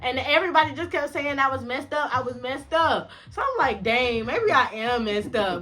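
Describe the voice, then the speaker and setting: Bright animated young woman telling a story. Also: normal speed, hardly any pauses. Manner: animated, slangy, acts out dialogue with big pitch jumps and laughs. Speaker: vlogger. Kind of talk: storytime vlog.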